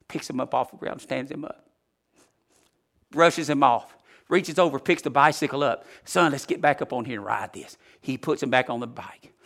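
Male preacher, folksy sermon, bright ringing tone, swings loud to hushed. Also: mid-range voice.

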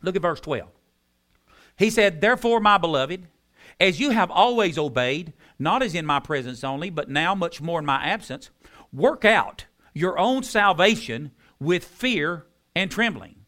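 A man preaching a sermon, repeating key phrases with emphasis and dropping into soft tones. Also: high voice, animated, measured pace. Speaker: pastor.

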